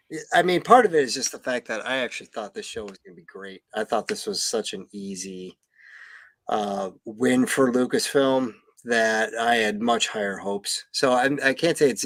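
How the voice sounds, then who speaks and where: Chat show guest: a man with a middle-range voice, thoughtful and halting, dry mic. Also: mid-range voice, lively intonation, a bit bright, no room sound. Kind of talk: casual chat.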